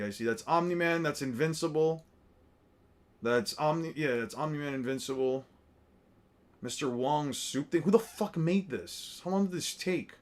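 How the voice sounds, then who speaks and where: A man with a slightly high voice talks loosely and profanely. He rambles and mutters names to himself as he reacts, in an offhand, unscripted way. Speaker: streamer reacting to artwork. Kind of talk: casual commentary.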